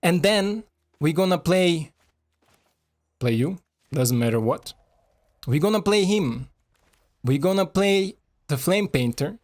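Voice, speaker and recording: A man giving casual, excitable commentary over a card game, swearing and talking to his viewers in non-native English. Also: fairly high pitch, slow, long pauses.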